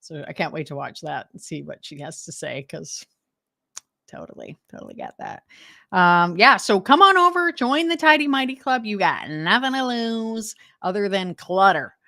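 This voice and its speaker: A woman's voice: mid-range voice, lively intonation, normal speed, vocal fry, pushed and bright, no room sound, studio quality. A woman from Western Canada with a Canadian accent, chatting casually and enthusiastically with viewers as host of a live stream, laughing often. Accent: Canadian English. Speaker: host of a decluttering livestream.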